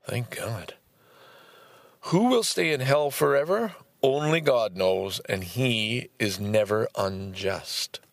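A man reading a book aloud and commenting on it, breaking into exasperated, swearing outbursts between calm passages. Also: medium pitch, vocal fry, no echo. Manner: swears often.

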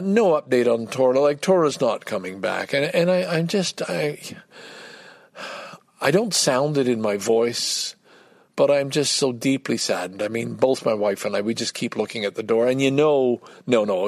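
An older man, talking candidly in a rambling, halting way in a casual personal vlog. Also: medium pitch, creaky, dry recording. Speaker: vlogger.

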